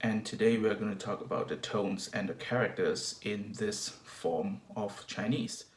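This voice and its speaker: A man's voice: lowish voice, measured pace, echoey room. A man from Malaysia giving a video lesson on singing diction, explaining step by step with hesitant restarts.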